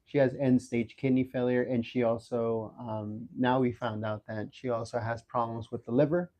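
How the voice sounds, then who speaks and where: A man giving a casual livestream update from a hospital room, talking haltingly with many fillers and restarts. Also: mid-range voice, fairly even intonation, highs cut off. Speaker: livestream host updating viewers.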